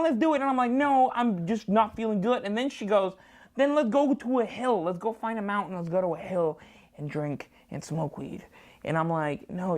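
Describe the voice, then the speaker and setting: A slightly low-pitched woman spins a frantic anecdote in a studio, lurching between hushed asides and loud, high bursts as she plays every character in it. Her voice leaps up for quoted lines and sinks low when she describes her nerves. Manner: jumpy, acts out both sides of dialogue with big swings. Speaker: comedian guest. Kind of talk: animated anecdote storytelling.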